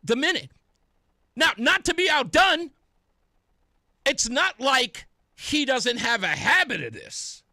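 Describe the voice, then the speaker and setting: A young male talk radio host with a high, bright voice that swings widely as he rants. He speaks in an emphatic, sarcastic monologue, close to a dry studio microphone. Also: sing-song, takes it slowly, long pauses, no room sound. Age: young adult.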